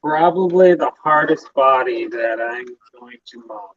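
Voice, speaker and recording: A man hosting a casual livestream while building a model, relaxed and laughing often. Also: on the high side, measured pace, a little hiss or hum. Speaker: host building a hobby model. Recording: dry lo-fi sound.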